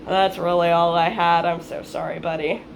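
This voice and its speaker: Speaking at normal speed in a lowish, flat voice with vocal fry, a Hawaii-raised vlogger in her 20s rambles through a story about herself. She curses freely and performs her own past lines, with slight background noise.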